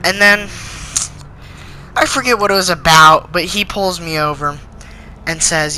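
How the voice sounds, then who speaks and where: A man's voice: on the high side, normal speed, bright, forceful tone, slight background noise, low-quality recording. A teenage boy telling a school story in an indignant, rambling way, full of fillers. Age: teens. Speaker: channel host. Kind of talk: storytime rant.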